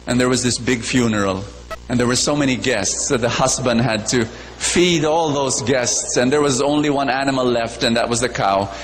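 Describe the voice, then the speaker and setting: Soft background music accompanies a man with a medium-pitched voice preaching at normal speed in a large church. He tells a fable, asks the congregation questions, and repeats phrases, with long reverb and a faint hum.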